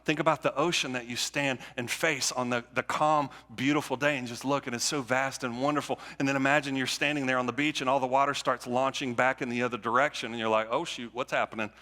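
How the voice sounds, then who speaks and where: A pastor preaches briskly in a church sanctuary, his mid-range voice bright and forceful and almost never pausing. The sermon is conversational, full of repeated phrases and restarts as he builds his case, with long hall reverb on the recording.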